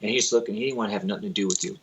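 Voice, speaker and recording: A man being interviewed as a spiritual teacher. He tells lively anecdotes in a casual way, acts out the people he quotes, and uses loose grammar. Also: fairly low pitch, very fast, slight background noise, low-quality recording.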